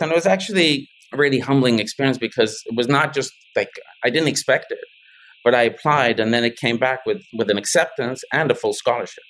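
Middle-aged man, mid-pitched, loose rambling storyteller on a podcast. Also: a bit bright. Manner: rambling storyteller, many restarts and laughs. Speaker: guest, tech founder. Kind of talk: casual interview chat.

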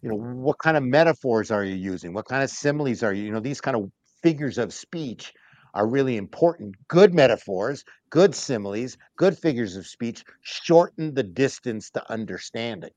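A man speaking as a podcast guest on data strategy, emphatic and animated, acting out other people's lines as he goes. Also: mid-range voice, normal speed, no room sound. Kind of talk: casual podcast interview talk.

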